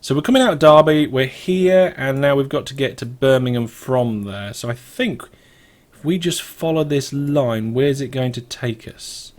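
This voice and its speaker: A man's voice: mid-range voice, moderate pace. A British man hosting a let's play, giving casual gameplay commentary as he thinks aloud in a wandering, chatty way.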